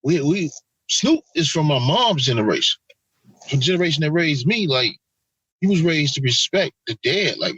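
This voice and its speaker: A man co-hosting a casual podcast chat, talking in an animated, profane way and acting out quotes. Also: on the high side, moderate pace, husky, no echo, lo-fi sound. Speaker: podcast co-host.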